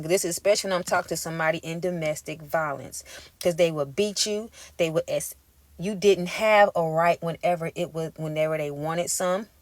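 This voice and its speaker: A woman's voice: on the low side, no echo. Profane, fired-up woman tarot reader. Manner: emphatic, profane, street-talking pep talk. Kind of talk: intuitive tarot reading monologue.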